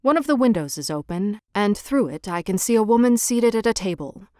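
A woman voicing a sorrowful prince turned statue, speaking in a low, musical, slow way. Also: expressive, dark tone, no echo, studio quality, natural voice. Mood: tender.

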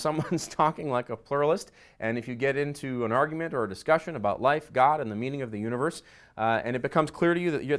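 Animated man preaching a lively sermon. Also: a little high. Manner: animated preaching that swings between quiet and loud emphasis. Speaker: pastor.

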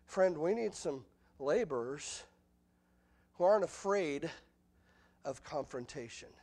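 A middle-aged man preaching an expository sermon in a church, animated, with the voice leaping up when acting out quotes. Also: fairly high pitch, slow pace. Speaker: pastor. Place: church sanctuary.

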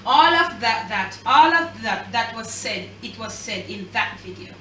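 A woman's voice: fairly high pitch, lively intonation, measured pace, a bit bright, slight background noise. A woman with a Jamaican accent hosting a cooking show, talking viewers through a recipe in a chatty, emphatic way. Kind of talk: casual cooking demonstration. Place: home kitchen. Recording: roomy sound from a distance.

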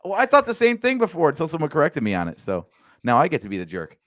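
A man co-hosting a podcast in casual chat, talking in a measured, wry way. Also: fairly high pitch, huge pitch swings, a bit bright, no room sound, clean studio sound. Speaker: podcast co-host.

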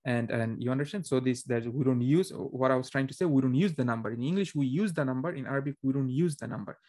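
Speaking fast in a medium-pitched, darkish voice, a man leads a beginner Arabic lesson. His classroom talk is conversational and full of fillers and restarts, and he often quizzes students to make sure they follow.

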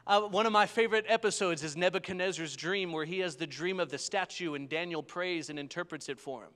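Long reverb from a large church hall surrounds this young male pastor, who preaches a little fast in a voice that sits fairly high for a man. He delivers his sermon as animated storytelling, often asking listeners for an amen.

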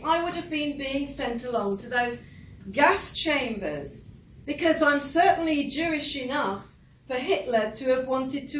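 A woman speaks earnestly at a meeting, her voice fairly high and picked up from a distance. She builds her points steadily and drops wry asides. The hall rings around her, with a faint hiss underneath. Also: a bit bright. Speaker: public speaker. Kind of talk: speech at a political meeting. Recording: echoey hall, mic from far off, faint noise.

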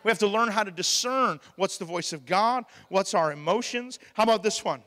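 A man, preaching a lively sermon and acting out the voices he quotes. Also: sits high, fairly quick. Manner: animated, plays out quoted voices, laughs often. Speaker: pastor. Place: church hall. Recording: long hall reverb.

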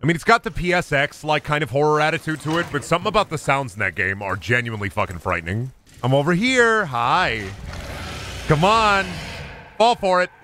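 A young man gives live gameplay commentary in a bright, forward voice that swings widely up and down. He swears freely and yelps and taunts as he plays, with a faint hiss of noise behind him. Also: a little high, a little fast. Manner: excitable, swears often, yelps and taunts the game. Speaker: gaming streamer.

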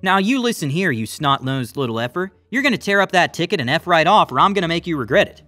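A man voicing a furious entitled middle-aged man who shouts and swears. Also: on the high side, very animated, fast talker, dry recording, faint music behind.

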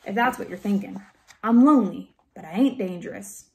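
A woman reading aloud and voicing a shy, lonely grown man who speaks softly and hesitantly in a storybook. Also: medium pitch, moderate pace, vocal fry, natural voice. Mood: quiet.

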